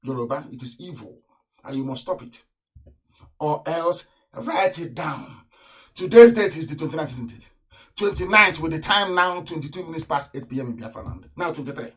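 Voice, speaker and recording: A man giving a live radio broadcast, fiery and repetitive, swinging between shouts and mocking laughter. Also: a little high, expressive, normal speed, husky. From Nigeria.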